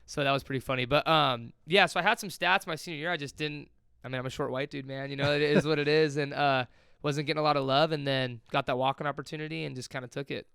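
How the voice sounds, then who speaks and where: A young man telling stories in a casual interview, talking fast, swearing freely and dropping "man" and "bro". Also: fairly high pitch, steady tone, vocal fry, sharp tone, clear, resonant tone, dry recording, studio quality. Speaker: former college football player, guest.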